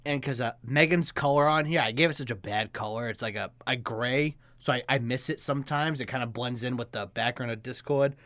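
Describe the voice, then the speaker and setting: A man's voice: medium pitch, a little fast, hardly any pauses, a bit bright, no echo. A man hosting a podcast in loose, joking casual chat, laughing often. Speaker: podcast host.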